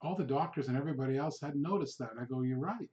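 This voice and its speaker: A middle-aged man giving a sales training talk, telling stories with animated delivery and acting out his past outbursts. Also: medium pitch, racing, highs cut off. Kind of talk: training video monologue.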